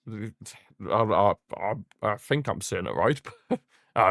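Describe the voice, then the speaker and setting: A man's voice: on the low side, moderate pace, dry recording. Male streamer, casual partisan football commentary, blunt trash talk, dry close mic. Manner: partisan, blunt, mocking the rival team. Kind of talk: casual live fan commentary.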